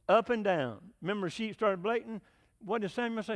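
Folksy male preacher, high-pitched, chatty, keeps quizzing the flock. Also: normal speed. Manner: folksy, asks the congregation questions, chuckles. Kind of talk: conversational sermon.

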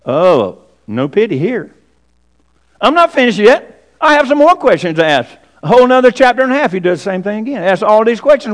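Animated man preaching a sermon. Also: high voice, fairly quick. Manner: animated, rhetorical questions, emphatic repetition.

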